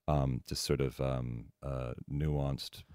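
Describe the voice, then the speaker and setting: A middle-aged man, a guest actor, chatting casually in an interview and rambling with many pauses and fillers. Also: a bass voice, level tone, darkish tone, clear, resonant tone, dry recording, studio quality. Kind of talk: casual radio interview chat.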